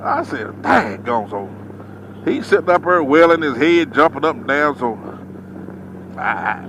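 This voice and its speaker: Animated trucker spinning a yarn. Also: male voice, fairly high pitch, unhurried, background noise. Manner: animated, drawling, slangy, acts out his own reactions. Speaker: truck driver telling a story. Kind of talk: casual storytime monologue.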